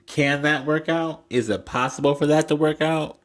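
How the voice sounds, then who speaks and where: A man's voice: on the high side, fairly even intonation, normal speed. A young man giving a casual tarot reading, rambling and blunt, swearing freely and filling his talk with "like". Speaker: tarot reader.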